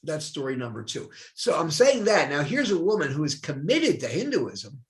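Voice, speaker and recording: An older man, a retired professor, tells stories from his life in a lively, swooping voice that sits a little high. He slips into the voices of the people he quotes. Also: normal speed. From United States. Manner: animated, acts out quoted voices. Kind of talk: storytelling in a dialogue.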